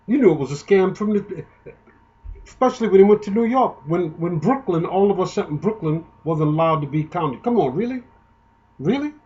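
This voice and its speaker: A man's voice: high voice, brisk, darkish tone, lo-fi sound. A man giving an indignant, emotional, rambling political monologue, often restarting his sentences. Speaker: political commentator.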